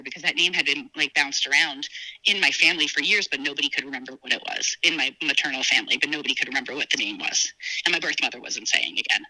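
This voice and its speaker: Guest storyteller: woman from New Jersey, very bright and sharp-toned, lively, mimics others' voices mid-story. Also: fast talker, low-quality recording. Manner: animated, acts out quoted dialogue with big pitch jumps. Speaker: podcast guest. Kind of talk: casual personal storytelling.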